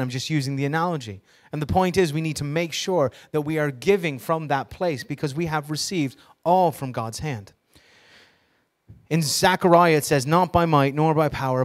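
A man preaching a sermon to a congregation, reading scripture with emphasis and teaching by asking the audience questions, with joking asides. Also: a little high. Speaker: pastor.

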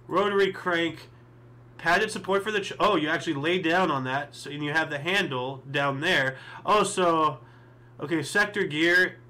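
A man with a high, bright voice hosts a casual history show. He reads off dates and events, then rambles through asides full of fillers and second thoughts. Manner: rambling, thinks aloud with many fillers and asides. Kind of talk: casual solo commentary reading history events.

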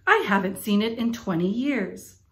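A woman voicing a sharp-tongued middle-aged grocer's wife in a storybook read-aloud. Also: mid-range voice, expressive, moderate pace.

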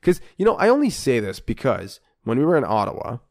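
A man's voice: mid-range voice, huge pitch swings, brisk, vocal fry, darkish tone. A man co-hosting a podcast, telling a long story in casual chat, swearing constantly and acting out both sides of an argument. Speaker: podcast co-host.

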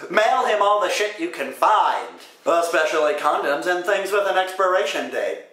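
A young man with a high, bright voice runs through viewer questions and answers with quick, crude jokes. His casual comic delivery bounces off the walls of an echoey room. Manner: joking, crude, quick comebacks. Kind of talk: casual comedic Q&A.

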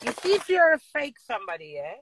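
A woman's voice: fairly high pitch, big pitch swings, quick pace, a bit bright, slight background noise. A middle-aged woman from Jamaica with a Jamaican accent, ranting boisterously to her viewers in patois and laughing often. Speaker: vlogger. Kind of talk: casual rambling rant to viewers.

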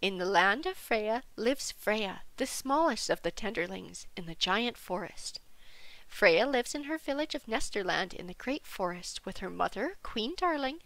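A woman narrating a children's storybook gently, sometimes dropping to a soft whisper. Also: on the high side, no echo, poor audio.

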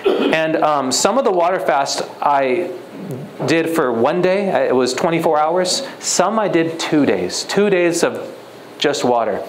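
A man's voice: fairly high pitch, expressive, measured pace, roomy sound, slight background noise, rough recording. A young man, a guest speaker at a church retreat, telling a personal story in a conversational way and acting out the dialogue. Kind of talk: sermon storytelling.

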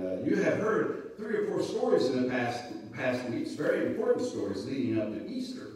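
A man leading a church service, reading scripture and then talking gently and folksily to children. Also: medium pitch. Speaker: pastor leading children's moment. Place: church sanctuary. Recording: echoey church room, mic far off.

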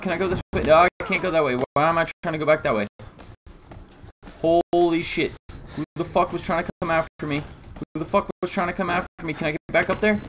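A man giving horror game commentary as a let's play gamer, jumpy and swearing constantly, breaking into panicked yelling. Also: fairly high pitch, steady tone, fairly quick, background noise. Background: game music.

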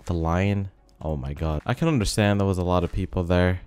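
A young man giving relaxed, rambling commentary over a game, his voice a bit rough from being sick. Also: deep voice, fairly quick. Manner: rambling, filler-heavy, laid-back. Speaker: gaming video host. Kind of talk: casual commentary over gameplay. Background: faint background music.

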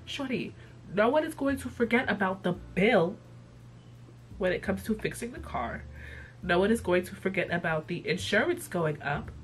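A young woman vlogger casually retelling a cartoon episode in a profane, slangy, animated way. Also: mid-range voice, moderate pace. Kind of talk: casual chat.

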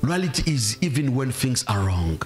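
A man's voice: medium pitch, big pitch swings, moderate pace, soft background music. A male pastor preaching a sermon in a church, emphatic, quizzing the congregation and acting out quoted voices. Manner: emphatic, asks the congregation questions and acts out quotes.

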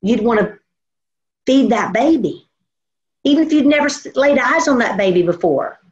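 Woman preacher, earnest sermon delivery, slightly high-pitched, muffled recording. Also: expressive, a little mellow. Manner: earnest, storytelling, slows for emphasis. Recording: dull lo-fi recording.

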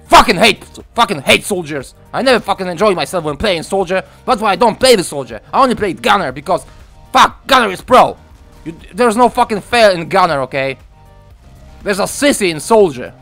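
A young man commenting on his own gameplay from home, swearing a lot and ranting with excitement. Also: sits high. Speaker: gaming commentator. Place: room at home.

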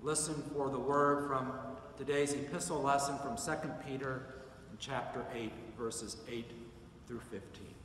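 A man giving a deliberate, solemn scripture reading at a worship service, recorded in a church sanctuary from a distant mic. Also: medium pitch, fairly even intonation, background noise. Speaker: scripture reader. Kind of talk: slow, measured scripture reading. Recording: echoey church from far off.

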